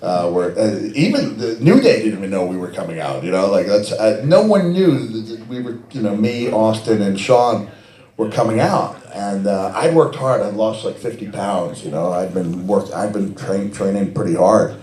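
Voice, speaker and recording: A middle-aged man telling animated, self-mocking stories as a guest at a fan Q&A event, laughing often. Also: on the low side, normal speed. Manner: animated, laughs often, many restarts and fillers. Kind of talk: anecdotal storytelling. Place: event hall with audience. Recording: echoey event hall.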